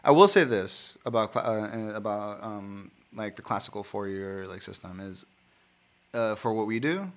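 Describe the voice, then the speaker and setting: A man, a software developer, chatting casually and profanely, laughing often and full of fillers. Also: fairly low pitch, normal speed. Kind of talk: casual podcast chat.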